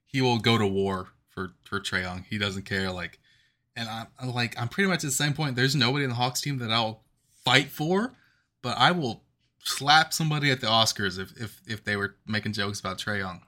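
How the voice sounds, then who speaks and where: A man's voice: medium pitch, fairly quick, pushed and bright. A man in his twenties co-hosting a podcast, talking in a passionate, rambling, emphatic way in casual sports chat. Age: 20s. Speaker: podcast co-host.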